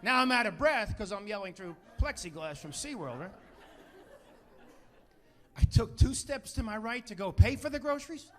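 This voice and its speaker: A man doing a brash, profane stand-up comedy set, telling stories and acting out quotes with loud punchlines. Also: high voice, lively intonation, moderate pace, long pauses. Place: comedy stage with a live audience.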